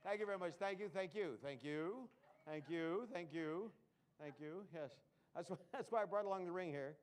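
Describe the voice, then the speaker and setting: A man's voice: sits high, normal speed, a little hiss or hum. A man performing a comedy magic act on a live stage, full of puns and self-mocking jokes. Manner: punning, self-mocking, jokey.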